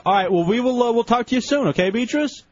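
A man hosting a comedy radio show, quick and teasing, laughing easily. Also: extremely high pitch, lively intonation, highs cut off. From Chicano, US.

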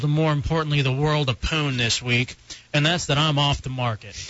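Bright-voiced boastful radio host man. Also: a little high. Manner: boastful, mock-arrogant teasing. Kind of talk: casual radio banter. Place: radio studio. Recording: dull lo-fi radio broadcast with faint music.

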